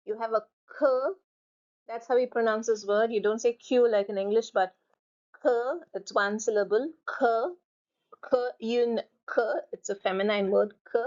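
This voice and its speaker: A woman's voice: medium pitch, flat delivery, fairly quick, a little mellow. A woman teaching French from slides, repeating each word several times so learners can copy her pronunciation. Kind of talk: recorded slide lecture. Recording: dull lo-fi recording.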